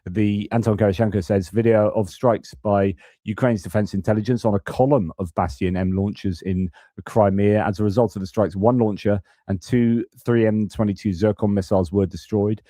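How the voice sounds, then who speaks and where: A man's voice: lowish voice, fairly even intonation, normal speed, dark tone, dry recording, clean studio sound. A man hosting a live-stream news commentary, talking casually and thinking aloud as he goes through footage and reports. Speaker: host.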